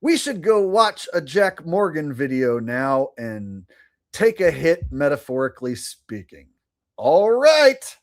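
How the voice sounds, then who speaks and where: A man voicing goofy made-up Wild West gunslingers, in a high, strained, overdone voice with a mock-formal, clueless manner. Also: sing-song, slow.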